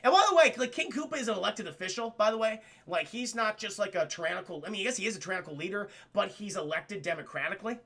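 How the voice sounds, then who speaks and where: Male streamer, casual sarcastic film recap, profane; high, gravelly. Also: animated, quick pace, few pauses, bright, forceful tone. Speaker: film reviewer streaming to a live chat. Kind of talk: casual commentary.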